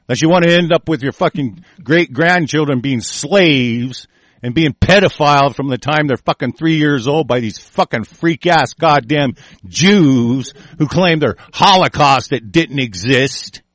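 A man's voice: medium pitch, no echo. A man hosting a commentary show, ranting angrily and swearing heavily while stumbling through news he reads aloud. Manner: angry, cursing heavily, shouting; stumbles over words while reading.

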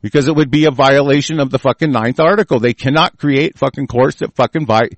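A man's voice: medium pitch, fairly quick, no room sound. A man reading news aloud and breaking into furious, profane political rants. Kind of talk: angry ranting commentary.

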